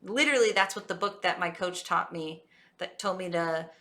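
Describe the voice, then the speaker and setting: A woman coach giving an energetic, emphatic motivational talk and acting out quotes as she goes. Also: fairly low pitch, moderate pace.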